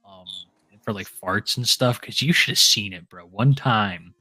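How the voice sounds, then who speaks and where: A man's voice: lowish voice, measured pace, no room sound. A man co-hosting a livestream show, joking crudely and reading out thanks to members. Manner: crude, joking, reads out member shout-outs. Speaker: podcast co-host. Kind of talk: casual livestream banter.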